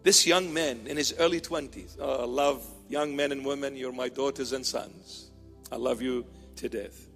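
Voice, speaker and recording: A man's voice: medium pitch, normal speed, creaky, a bit bright. A middle-aged man, a bishop, giving a playful sermon, teasing his listeners and acting out little dialogues. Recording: long hall reverb with faint music.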